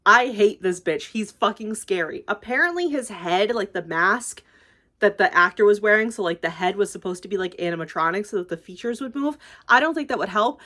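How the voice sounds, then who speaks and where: A woman's voice: mid-range voice, lively intonation, brisk, bright, forceful tone. A young woman YouTuber casually recapping a movie, rambling and gushing, swearing freely and filling with "like".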